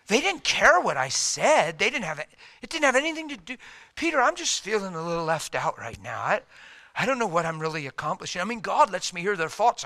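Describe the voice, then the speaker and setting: A man's voice: high-pitched, sharp tone, heavily acted. A male preacher playing Jesus as a sulky, self-pitying man who feels unappreciated, with a whiny, downcast manner.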